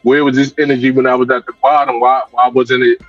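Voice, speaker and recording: A man's voice: mid-range voice, flat delivery, fast. A man, a hip hop and R&B artist, talking candidly and reflectively as a guest in a casual interview, often restarting his sentences. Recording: dull lo-fi dry sound.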